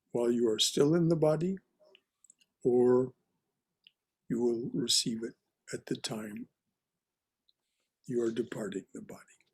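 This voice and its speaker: A man teaching a religious class, reading stories aloud slowly and deliberately and stopping to comment on them. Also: medium pitch, darkish tone, husky. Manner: slow, deliberate reading with repetitions and restarts. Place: online class.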